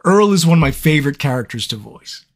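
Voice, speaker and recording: A man with a fairly high voice and quick pace chats with fans in a live Q&A stream. An audiobook narrator by trade, he's an animated, playful storyteller.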